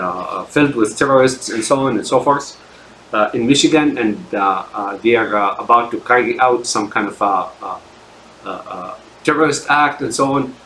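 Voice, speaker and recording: Man, mid-pitched voice, unscripted rant, emphatic, lots of uh and repeated words, echoey room. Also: a bit bright, slight background noise. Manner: heavy with fillers and repeated words; emphatic, sweeping declarations. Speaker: political commentator.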